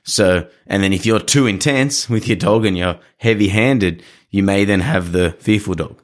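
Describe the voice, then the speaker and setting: A dog trainer with a somewhat low voice talks about training dogs in an easygoing, casual podcast conversation at a moderate pace. He coaches earnestly and acts out little scenes along the way, keeping his delivery practical and encouraging.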